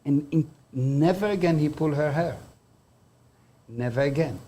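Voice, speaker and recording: Mellow-voiced man giving a motivational talk. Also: fairly high pitch, moderate pace. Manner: explains terms by defining them, with everyday examples. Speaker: motivational speaker.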